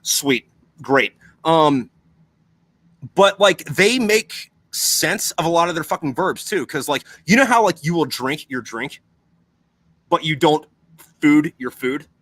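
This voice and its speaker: A man's voice: a little high, a little slow, long pauses. A young man chatting casually on a podcast, rambling and swearing constantly as he explains things. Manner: profane, rambling, animated.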